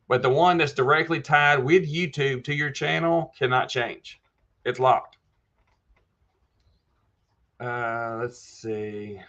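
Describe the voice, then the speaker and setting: A man's voice: medium pitch, slow pace, long pauses, fairly bright tone, dull audio. A man hosting a casual live chat. He reads viewer comments aloud and answers them by name in a folksy way. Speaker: livestream host answering viewer questions.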